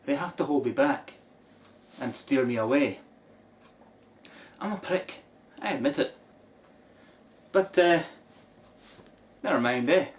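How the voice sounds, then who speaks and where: A man's voice: mid-range voice, lively intonation, slow, long pauses. A Scottish man mocking a critic in a sarcastic response video, drawing out his put-downs. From Scotland. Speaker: video blogger replying to a critic. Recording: distant mic with faint background noise.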